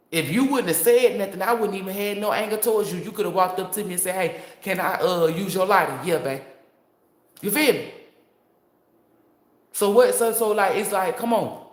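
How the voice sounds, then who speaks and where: A woman tarot reader talking straight to her viewers in a blunt, profane, fired-up unscripted monologue. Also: mid-range voice. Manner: blunt, profane, fired-up storytelling with rhetorical asides. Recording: roomy echo.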